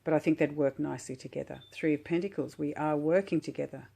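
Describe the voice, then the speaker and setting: Low voiced woman on the floor at home unboxing tarot cards, gushy and slow, just loving every card. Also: steady tone, gravelly, warm tone. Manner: gushing, admiring, unhurried. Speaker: tarot vlogger. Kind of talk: relaxed unboxing commentary.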